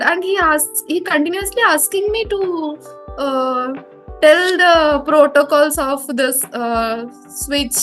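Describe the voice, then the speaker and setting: A young woman with an Indian English accent speaks in a high voice, hesitating often with fillers as she answers questions. Soft music plays faintly under her. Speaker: former student interviewed. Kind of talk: casual interview.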